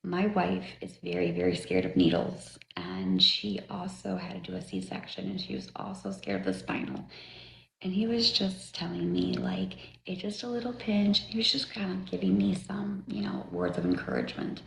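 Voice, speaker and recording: A middle-aged woman livestreaming, chatting and rambling as she tells a personal story, swearing freely and often dropping to a breathy near-whisper. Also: lowish voice, big pitch swings, normal speed. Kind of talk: casual storytelling to viewers. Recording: echoey room with faint noise.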